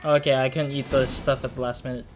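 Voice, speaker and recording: A young man casually commenting on his game, excitable and rambling, with many fillers. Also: mid-range voice, fast talker. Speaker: gaming channel host. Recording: noisy home recording with game audio behind.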